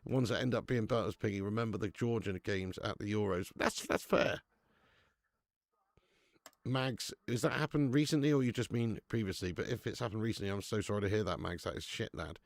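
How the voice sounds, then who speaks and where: Bloke doing a live footy watch-along, gravelly voice, dry close sound, chatty and laughing a lot. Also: male voice, fairly low pitch, fairly quick, no echo. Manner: chatty and laddish, reading out viewer names, laughs often. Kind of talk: live stream chat and match commentary.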